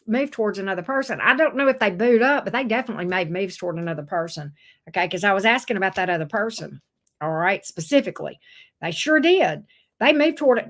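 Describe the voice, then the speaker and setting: A woman giving a casual tarot reading, blunt and sassy, swearing freely. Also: fairly high pitch. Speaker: tarot reader.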